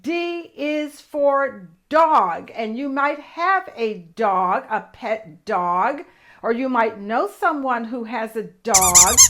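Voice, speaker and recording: An older woman with a high voice teaches young children their letters. She is enthusiastic and exaggerated, and she slows down to sound out each letter carefully. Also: a bit bright. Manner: enthusiastic, exaggerated, slow demonstrative. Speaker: children's show host and teacher. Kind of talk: children's lesson.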